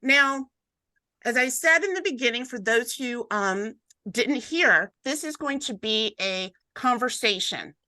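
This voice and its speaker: A woman's voice: on the high side, expressive, a little slow, sharp tone, dry recording, low-quality recording. A woman with a Southern US accent from Atlanta, hosting a casual webinar in an upbeat, chatty way. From Atlanta, Georgia. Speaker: host.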